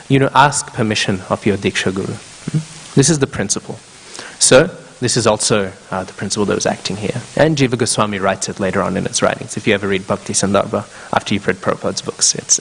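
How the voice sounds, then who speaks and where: A man's voice: medium pitch, fairly bright tone, slightly rough. Man teaching in an echoing temple hall. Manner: checks in with listeners with frequent "hmm?". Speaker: temple class speaker. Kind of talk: scripture class storytelling. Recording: long echo of a temple hall.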